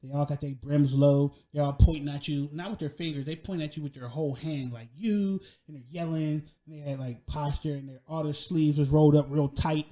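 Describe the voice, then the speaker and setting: Animated man with a dark voice. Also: fairly high pitch, brisk, few pauses. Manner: animated, slangy, often laughing. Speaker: storyteller. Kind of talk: personal storytelling monologue.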